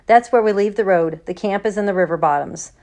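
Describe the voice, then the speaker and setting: A gruff old grandfather who brushes off superstition and teases the boy, read by a woman. He speaks in a plain middle-pitched voice with no big change from the reader's own. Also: a little fast, darkish tone, lightly acted. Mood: gruff teasing. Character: kindly teasing old grandfather, hunter.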